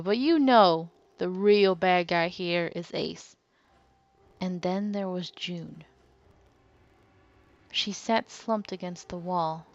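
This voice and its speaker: Reading a game's text aloud in a measured way, a woman hosts a let's play and throws in lively asides. Her voice sits in the mid-range, and the recording is dull and dry with no echo.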